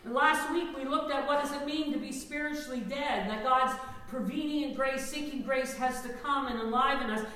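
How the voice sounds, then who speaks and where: A woman pastor preaching a lively sermon, engaging her congregation with call-and-response. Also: high-pitched, recorded from a distance. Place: church sanctuary. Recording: echoey hall, mic from afar.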